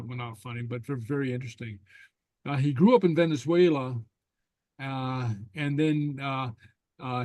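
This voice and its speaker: A man's voice: medium pitch, a little mellow, no echo. A man teaching an online Gaelic class on a video call, telling stories in a rambling way with many filler sounds and easy laughs. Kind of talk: casual online class chat.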